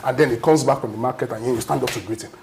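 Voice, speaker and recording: A man's voice: medium pitch, steady tone, very fast, very noisy. A man arguing emphatically as a guest in a panel debate, lecturing and often checking "you understand?".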